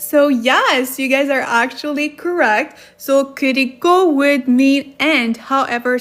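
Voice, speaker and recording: Woman, livestream tutor, high bright voice, chatty and giggly, reading chat aloud. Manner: chatty, laughs often, reads out viewer comments. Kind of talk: casual livestream lesson.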